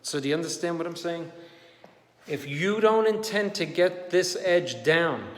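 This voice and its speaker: A man's voice: on the high side, expressive, unhurried. Emphatic man teaching in an echoey room. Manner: emphatic, direct, repeats himself for emphasis. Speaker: wallpaper installer and painter. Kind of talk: on-the-job tutorial. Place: room in a house being papered. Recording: echoey empty room with long reverb.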